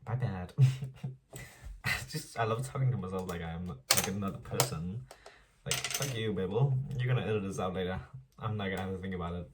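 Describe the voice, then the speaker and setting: A man's voice: sits low, moderate pace, distant mic, slight background noise. A young man chatting casually in a diary vlog while doing his makeup, rambling, self-deprecating and swearing playfully. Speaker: vlogger.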